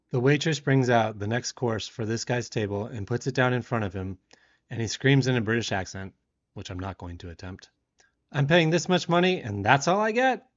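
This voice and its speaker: A man tells a story over his woodworking video, pitched in an ordinary middle register. He acts out the heated moments with bursts of shouting. The recording sounds a little dull and lo-fi. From Southern United States. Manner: animated storyteller who shouts and acts out the quoted lines. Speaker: woodworking vlogger.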